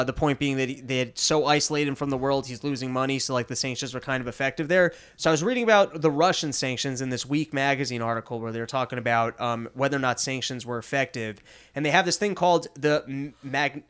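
A man's voice: medium pitch, brisk, a bit bright, smooth. A man co-hosting a casual talk show, rambling and profane, full of filler and restarts. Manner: rambling, profane, slips into jokey put-on voices. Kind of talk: casual chat.

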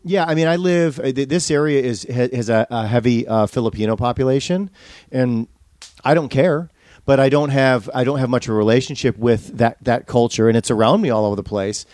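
Fast-talking rambling man, dry sound. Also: medium pitch, a little mellow, dry recording. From Milwaukee area, US Midwest. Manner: rambling, with many restarts. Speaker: podcast host. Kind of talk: casual chat.

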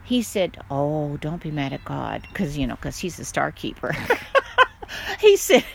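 An older woman, a mother, chatting casually and telling stories in a lively way, often laughing. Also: low voice, unhurried, vocal fry, breathy edge. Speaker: guest, mother. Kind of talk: casual chat.

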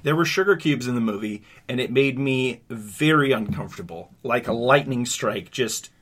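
A man co-hosting a casual podcast, telling a story in an animated, profane way. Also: medium pitch, moderate pace, slight background noise. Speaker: podcast co-host.

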